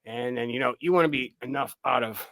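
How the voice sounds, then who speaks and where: A man's voice: mid-range voice, brisk, creaky, fairly bright tone, dry recording. A man, a film director guest, chatting casually on a podcast, swearing freely and acting out his own reactions.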